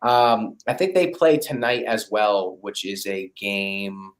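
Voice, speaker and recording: Excitable man talking sports, roomy sound. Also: on the low side, slow pace. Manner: excitable, swearing, teasing. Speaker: podcast host. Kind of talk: casual sports chat.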